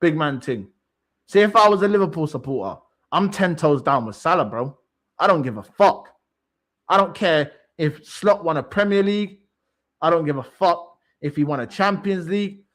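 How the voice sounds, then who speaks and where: High-voiced man ranting about football. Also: animated, normal speed, a bit bright. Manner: emphatic, repetitive, swears a lot. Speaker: co-host of football talk show. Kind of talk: heated casual football rant.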